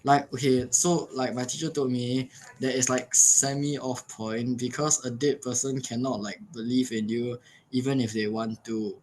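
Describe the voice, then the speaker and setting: A teenage male student with a Singaporean English accent speaks hesitantly and leans on fillers. His voice sits at a middling pitch. Faint background noise is present. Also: flat delivery, moderate pace, darkish tone, rough recording. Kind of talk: casual conversation.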